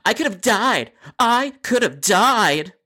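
A woman's voice: a little high, very animated, slow pace, pushed and bright, heavily acted. A woman playing an angry, entitled customer on the phone, complaining in a whiny, indignant way.

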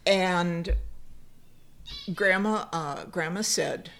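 An older woman co-hosting a podcast, telling family stories in a casual chat. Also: on the low side. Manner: slow, animated storyteller. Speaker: podcast co-host.

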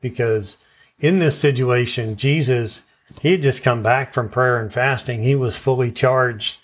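A man's voice: medium pitch, measured pace. A man preaching a sermon in an earnest teaching tone, often checking in with his listeners. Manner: stresses verse words in turn as he recites.

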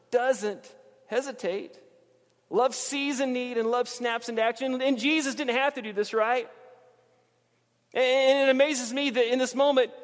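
A man preaching a sermon, earnest and emphatic, often repeating his phrases. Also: extremely high pitch. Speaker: pastor. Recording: long reverb of a large hall.

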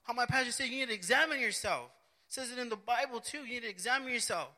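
A man's voice: very high-pitched, quick pace, pushed and bright. A man preaching a sermon, earnest and repetitive, often restarting his phrases.

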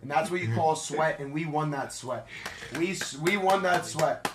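A young man hosting a live card break stream, shouting excitedly at big pulls. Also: fairly high pitch, normal speed, echoey room, heavy background noise.

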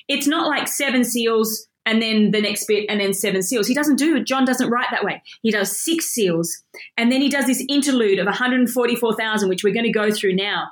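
A woman giving an energetic Bible lesson, reading scripture aloud and commenting emphatically. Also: fairly high pitch, brisk, hardly any pauses. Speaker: Bible teacher. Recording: echoey room.

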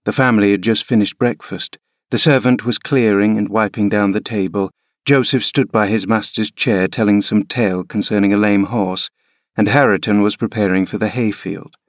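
A man reading a classic novel aloud as scripted narration, measured and unhurried. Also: fairly low pitch, steady tone, no room sound, studio quality. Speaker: audiobook reader.

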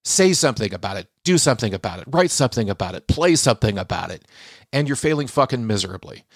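A man's voice: quick pace, dry recording, studio quality. An American man delivering a profane, sardonic monologue rant, his voice jumping wildly up and down. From United States. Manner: profane, sardonic, animated rant with big pitch swings. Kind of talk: ranting monologue.

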